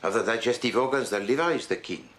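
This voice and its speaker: An actor playing a vain, fastidious middle-aged Belgian detective with a Belgian French accent, speaking precisely and a little pompously in a period TV drama. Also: male voice, on the low side, expressive, a bit bright. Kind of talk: 1980s-90s TV period drama acting. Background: background score.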